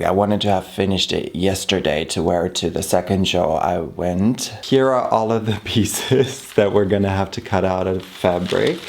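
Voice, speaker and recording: Low, gravelly-voiced chatty man. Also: darkish tone. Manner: chatty, self-deprecating, laughs often. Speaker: fashion vlogger. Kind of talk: casual chat while sewing.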